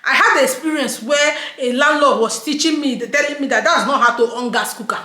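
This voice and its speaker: A woman with a Nigerian accent tells her story straight to camera in a casual vlog, her voice sitting a little high. She talks freely, drops into pidgin and laughs through her complaints. The room around her rings with a noticeable echo. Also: fairly quick, bright, forceful tone. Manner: chatty, mixes in pidgin, laughs while ranting. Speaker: vlogger. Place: indoors at home, daylight.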